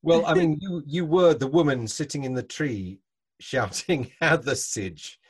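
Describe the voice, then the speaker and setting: A man's voice: fairly high pitch, animated, a little slow, darkish tone, husky. A man hosting an interview, asking questions and chuckling, hesitant with many restarts. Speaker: podcast host. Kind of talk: casual interview chat.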